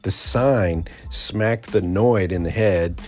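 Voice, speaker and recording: A man's voice: deep voice, slow, a little mellow. A man in his forties hosting a podcast, telling a rambling, profane story and laughing as he goes. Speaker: podcast host. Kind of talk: casual storytelling.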